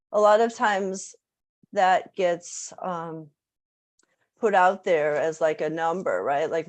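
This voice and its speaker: Slow, low-voiced woman music teacher. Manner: conversational, many fillers and tag questions. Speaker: music teacher giving a workshop. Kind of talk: casual online presentation.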